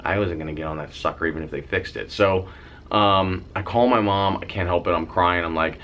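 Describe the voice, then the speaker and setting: A man's voice: sits low, fairly quick. A young man telling a dramatic story in a casual vlog, swearing freely and mimicking the noises as he goes. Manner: animated, dramatic retelling with sound effects. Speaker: vlogger.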